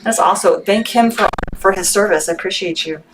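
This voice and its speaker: A woman's voice: medium pitch, fairly quick, noisy background. A woman from Texas running a live-stream sale for her candy shop, upbeat and chatty, thanking viewers by name as she talks. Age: adult, military veteran. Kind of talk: live-stream sales chat.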